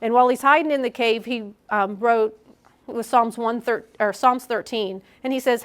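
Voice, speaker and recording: A middle-aged woman preaches to a young adults group in a candid, conversational way. She slips into little acted-out versions of her own inner voice as she talks. Her voice sits a bit high for a woman. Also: normal speed. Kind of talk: sermon.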